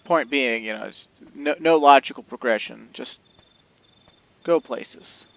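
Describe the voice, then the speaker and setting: A man's voice: mid-range voice, measured pace, vocal fry, fairly bright tone, no room sound. A man casually talking over his gameplay as a let's play host, rambling with lots of fillers and the odd swear. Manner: rambling, profane, filler-heavy. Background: game music.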